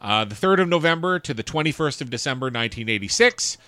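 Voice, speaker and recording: A man's voice: mid-range voice, lively intonation, fast talker, pushed and bright, no room sound. A man co-hosting a podcast in casual chat, reading facts and chart lists aloud and chuckling along. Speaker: podcast co-host.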